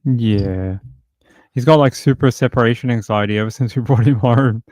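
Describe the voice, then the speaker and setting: A man's voice: mid-range voice, normal speed, darkish tone, no room sound. A man hosting a true crime livestream from home, chatting casually in a loose, rambling way full of fillers.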